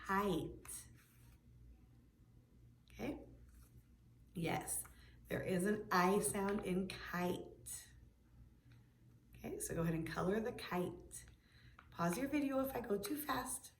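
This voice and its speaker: A woman's voice: mid-range voice, slow pace, pauses often, slight background noise. A woman teaching a preschool video lesson, patiently sounding out words for young children. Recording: echoey room.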